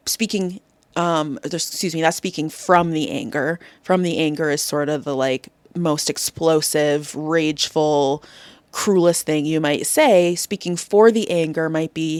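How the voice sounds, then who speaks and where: A woman hosting a solo podcast, talking through advice in a gentle, encouraging, conversational way, often checking in with "right?". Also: low-pitched, fairly even intonation, normal speed, no echo. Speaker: podcast host. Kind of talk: solo podcast coaching talk.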